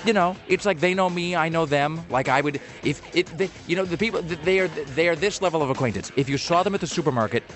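A man's voice: on the high side, fast talker, few pauses, fairly bright tone, faint music behind. A man casually telling a long story on a podcast, rambling with lots of fillers and restarts.

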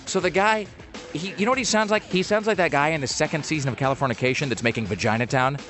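A man's voice: on the high side, quick pace, a bit bright, soft background music. A man casually telling a long story on a podcast, rambling with lots of fillers and restarts.

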